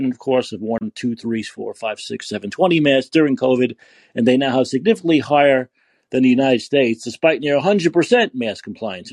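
A man's voice: medium pitch, darkish tone, no echo. A man hosting a podcast, ranting angrily and profanely, sounding tired and upset. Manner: profane, scornful. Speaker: podcast host. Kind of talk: angry political rant.

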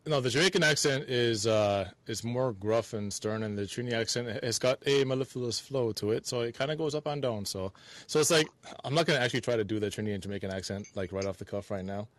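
A man co-hosting a podcast, giving his views in a thoughtful, halting way and repeating words as he thinks. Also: medium pitch, no room sound. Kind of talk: casual chat.

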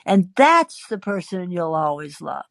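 A woman's voice: lowish voice, big pitch swings, unhurried, gravelly, a bit bright, no room sound, full character voice. A woman voicing a lovesick middle-aged man who pleads tenderly and earnestly.

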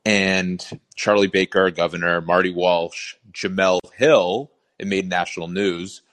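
A man's voice: sits low, steady tone, unhurried, fairly bright tone. A man from Boston calling in, steadily laying out his argument. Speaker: caller. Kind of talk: call-in opinion.

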